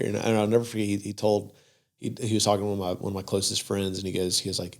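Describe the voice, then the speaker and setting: A man's voice: fairly low pitch, flat delivery, rapid-fire. A man hosting a casual church podcast conversation, telling a personal story and acting out what others said. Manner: storytelling, acting out quoted speakers.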